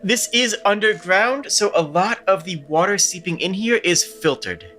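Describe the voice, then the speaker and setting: A man's voice: high voice, animated, normal speed, bright, forceful tone, faint music behind. A man streaming a retro game, chatting casually and explaining things with loose fillers into a close mic.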